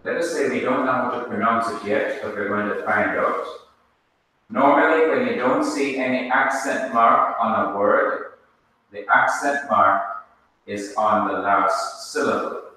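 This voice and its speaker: A man teaching a Hebrew class, explaining slowly and step by step. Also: medium pitch, bright, forceful tone. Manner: slow, explains step by step, spells things out. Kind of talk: classroom lesson. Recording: echoey hall, speaker far from mic.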